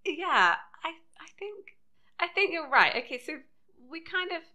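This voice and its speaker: Bright-voiced British woman podcast co-host. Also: very high-pitched, sing-song, slow pace. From United Kingdom. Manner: chatty, laughs often. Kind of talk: casual chat recapping a TV episode.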